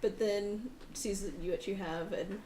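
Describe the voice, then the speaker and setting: A woman's voice: medium pitch, fairly even intonation, a little slow, echoey room, heavy background noise. A woman narrating a tabletop game as game master, rambling with restarts and frequent laughter.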